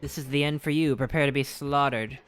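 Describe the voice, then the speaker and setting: A man's voice: medium pitch, steady tone, a little fast, soft background music, close to an everyday voice. A man reading aloud as an arrogant evil knight who was once a childhood doll, in a melodramatic villain delivery. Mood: menacing. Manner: melodramatic villain reading, swings to panicked shouting. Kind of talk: reading game dialogue aloud.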